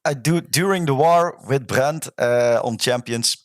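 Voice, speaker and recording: A man's voice: medium pitch, a little slow, dry recording, studio quality. A man hosting a podcast, chatting candidly about his time in an online game and owning up to past mistakes. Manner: candid, admits past mistakes, talks in restarts. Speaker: podcast host.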